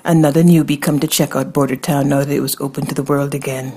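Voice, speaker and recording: A woman narrating a first-person fantasy story in a wry, expressive way. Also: sits low, fast, slightly rough.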